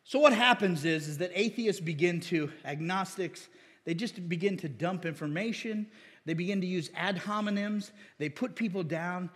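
A man preaching a sermon, animated, with laughs and mocking impressions of critics. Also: sits high, moderate pace, long reverb tail. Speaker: pastor.

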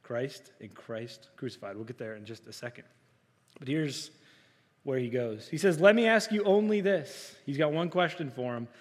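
Soft-spoken preacher in a reverberant hall. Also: male voice, mid-range voice, moderate pace. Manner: rhetorical questions to the congregation, loud emphatic quotes; self-described soft-spoken, trying to project. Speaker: pastor. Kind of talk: sermon. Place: church sanctuary.

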